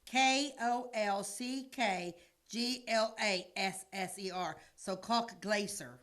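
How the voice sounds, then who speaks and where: A woman co-hosts a relaxed podcast conversation, rambling and tripping over unfamiliar names. Her voice is very bright, at a middle pitch. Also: takes it slowly. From United States. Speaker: podcast co-host. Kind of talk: casual chat.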